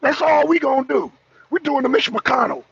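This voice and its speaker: A man on a political talk show ranting loudly, swearing and repeating himself, sometimes breaking into laughter. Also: very high voice, steady tone, moderate pace, vocal fry, no room sound. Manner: loud, profane, repetitive ranting. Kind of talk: heated political rant. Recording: dull lo-fi stream audio.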